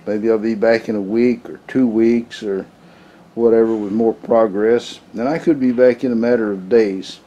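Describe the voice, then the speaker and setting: Man, folksy vlog host, rambling, mid pitch. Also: warm tone. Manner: folksy, rambling, with frequent restarts. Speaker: channel host. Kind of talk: casual workshop vlog talk.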